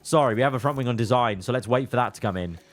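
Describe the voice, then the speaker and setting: A man giving casual, excitable commentary while playing a racing management game, exclaiming at events and muttering through his plans. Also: medium pitch, very fast. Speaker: gaming YouTuber.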